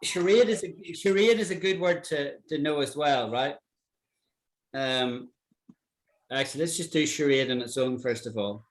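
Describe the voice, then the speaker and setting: A man from Britain teaching an online English lesson, patiently repeating words to show how they sound. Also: on the high side. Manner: patient, repeats words slowly to model pronunciation.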